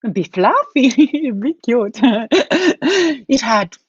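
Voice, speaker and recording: A woman telling a bilingual children's story, animated and laughing, dropping to whispers for suspense. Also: sits high, extremely slow, slightly rough, no echo, lo-fi sound. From Australia.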